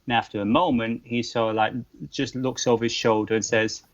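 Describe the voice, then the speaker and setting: A man narrating as game master of a tabletop game, relaxed and hesitant, often pausing on "um" and laughing easily. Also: mid-range voice, lo-fi sound.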